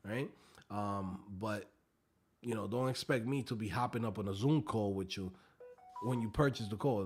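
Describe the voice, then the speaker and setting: A man hosting a casual live stream, telling a story in an animated, joking way and swearing often. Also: mid-range voice. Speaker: coding instructor and live stream host.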